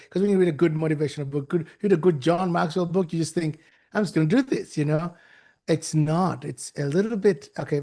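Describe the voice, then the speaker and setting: A man from Uganda giving a lively, preacher-like motivational talk, often repeating his phrases. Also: a little high. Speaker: speaker at a youth talk.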